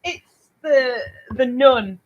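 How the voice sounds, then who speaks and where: A woman co-hosting a casual podcast, throwing in quick jokes and swearing. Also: sits high, dull audio, background noise. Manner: quick jokey interjections, swears. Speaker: podcast co-host. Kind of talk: casual unscripted chat.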